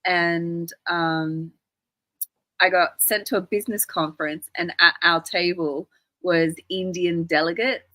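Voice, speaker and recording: A woman's voice: on the low side, fairly even intonation, a little slow, sharp tone, no echo, low-quality recording. A woman from Australia hosting a casual live stream, chatty and full of rambling anecdotes. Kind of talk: casual chat.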